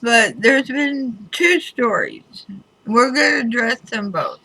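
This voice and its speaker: A woman's voice: on the high side, animated, takes it slowly, creaky, sharp tone, breathy edge, rough recording. A woman tarot reader talking casually to her viewers, chatty and emphatic with wry asides. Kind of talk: casual spoken tarot reading video.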